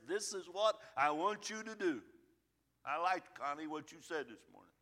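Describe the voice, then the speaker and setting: A middle-aged man preaching a sermon as pastor, folksy and repetitive, swinging from hushed pleading to loud emphatic lines. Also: on the high side, animated, normal speed. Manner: folksy, repeats phrases for emphasis.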